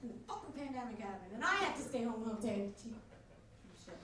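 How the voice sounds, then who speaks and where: A woman's voice: fairly high pitch, sing-song, fast talker, fairly bright tone. A woman doing a stand-up comedy set as host on a club stage, with crude punchlines and chatty asides to the crowd. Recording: echoey club from a distance with crowd noise.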